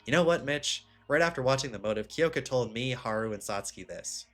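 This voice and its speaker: Guy reading a chill young student laying out the case, bright voice, faint music. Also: mid-range voice, lively intonation, fairly quick, close to an everyday voice.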